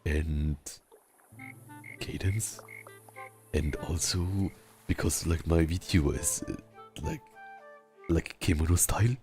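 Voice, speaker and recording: Very deep, slow German-accented man. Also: warm tone, soft background music. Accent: German, Southern German. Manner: slow, rumbly speech with long pauses; rolled R. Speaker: streamer. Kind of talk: casual chat while gaming.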